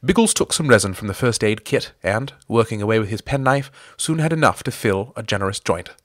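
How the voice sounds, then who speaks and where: A man narrating a comic adventure story in a wry, deadpan storybook manner. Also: fairly low pitch, brisk, dry recording, studio quality.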